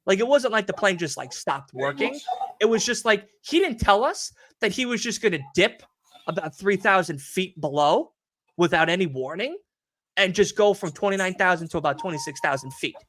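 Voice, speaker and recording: A podcast host, a man, telling a story in casual chat, animated and profane, acting out the people he quotes. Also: sits high, moderate pace. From Long Island, New York. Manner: animated, profane, acts out quotes in put-on voices.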